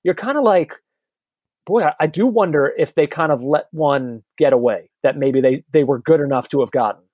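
A man's voice: on the high side, moderate pace, dry recording, narrow, tinny audio. Easygoing man on a podcast. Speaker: podcast co-host. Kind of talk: casual chat.

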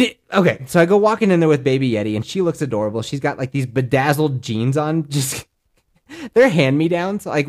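Medium in pitch and somewhat dark in tone, this podcast host's voice carries a meandering, foul-mouthed story told casually. He's in his thirties and hails from the Colorado mountains.

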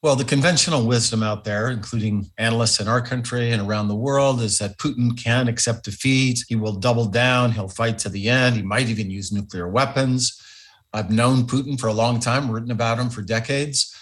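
A middle-aged man gives a radio interview as an expert guest, speaking thoughtfully and leaning on key words for emphasis. His voice sits at an ordinary middle pitch, heard over a remote interview line. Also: steady tone, normal speed, a bit bright. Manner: thoughtful, emphatic, with fillers and restarts. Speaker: interview guest, former ambassador.

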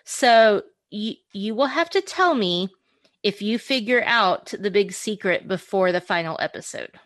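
A woman's voice: medium pitch, expressive, unhurried, fairly bright tone, no room sound. A woman hosting a podcast in casual chat, chatty and giggly, often hedging with "you know". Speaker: podcast host.

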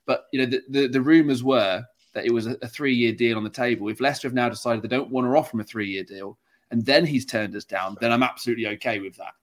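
A man's voice: mid-range voice, steady tone, fast. A man from England hosting a football podcast, chatting casually with restarts and laughs. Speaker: podcast host.

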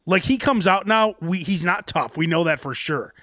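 Man, high voice, very animated pitch, laughs a lot, casual podcast chat, dry sound. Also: normal speed, dry recording. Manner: laughs often, shouts mock calls. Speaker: podcast co-host.

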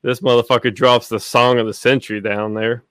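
A podcast host rambles through a casual chat, swearing and using plenty of fillers. His medium-pitched voice is level, smooth and a bit bright, a little fast, recorded in studio quality with no room sound.

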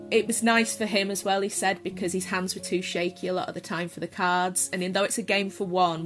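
A woman's voice: fairly low pitch, a bit bright. A woman telling a casual, self-deprecating spoken anecdote as a guest storyteller. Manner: chatty, self-deprecating, laughs at her own story.

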